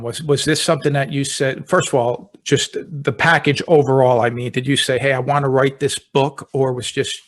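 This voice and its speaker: Host, male, mid pitch, easygoing chatty interviewer. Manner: conversational, loose rambling questions. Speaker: podcast host. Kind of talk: casual podcast interview.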